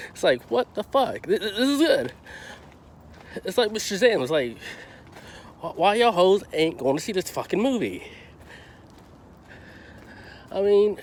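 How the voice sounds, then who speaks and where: A man's voice: fairly high pitch, slight background noise. A man giving a casual, profane and heated movie review, rambling and swearing as he goes.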